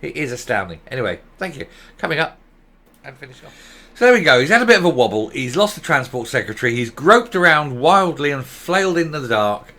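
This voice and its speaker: Sarcastic, lively male political vlogger. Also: on the high side, fairly quick. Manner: sarcastic, exasperated, with mocking asides. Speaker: political commentator. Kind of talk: opinionated political vlog commentary.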